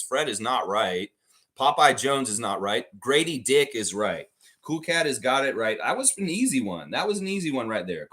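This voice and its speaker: A man's voice: mid-range voice, fairly bright tone. A man hosting a live trivia stream, reading out questions and answering the chat as he goes.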